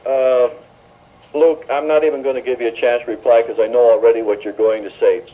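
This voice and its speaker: A man's voice: medium pitch, flat delivery, brisk. A man hosting a live call-in radio show, jovial and soothing with his guests. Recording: tinny 1970s radio broadcast with faint hiss.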